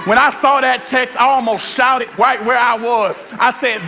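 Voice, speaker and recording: Pastor, man, very high voice, shouting sermon, stretched emphatic words, clear music behind. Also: fairly even intonation, normal speed, hardly any pauses. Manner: addresses the congregation directly. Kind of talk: energetic sermon. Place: church service.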